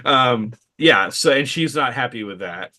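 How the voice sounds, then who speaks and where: A man's voice: medium pitch, expressive, measured pace, bright, forceful tone. A man co-hosting a casual film podcast, recapping the plot with sarcastic asides. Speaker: podcast co-host. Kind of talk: casual film review chat.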